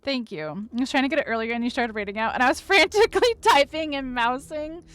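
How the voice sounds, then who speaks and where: A woman's voice: fairly high pitch, animated, racing, a bit bright. A woman streamer in casual live-stream chat, flustered and overwhelmed, gushing thanks to her viewers and tripping over her words, close to tears.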